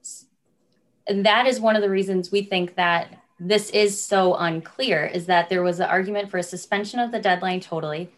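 A woman's voice: medium pitch, normal speed. A woman, an attorney for a state agency, giving a formal and persuasive appellate argument. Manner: formal, persuasive, asks listeners to imagine cases. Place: courtroom.

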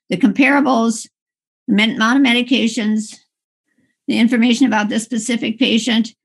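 Impassioned woman attorney, creaky husky voice. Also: a little high. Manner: impassioned, halting with frequent restarts. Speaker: appellate attorney. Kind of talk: courtroom oral argument.

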